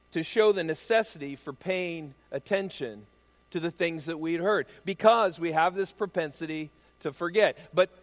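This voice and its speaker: A man's voice: on the high side, long reverb tail. A middle-aged male pastor delivering an earnest, emphatic sermon, pressing hard on key phrases. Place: church.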